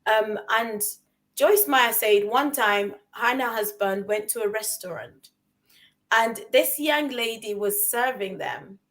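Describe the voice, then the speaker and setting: A woman co-hosting a conversation, telling a story in an animated way and asking rhetorical questions. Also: on the high side, slow pace. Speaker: co-host.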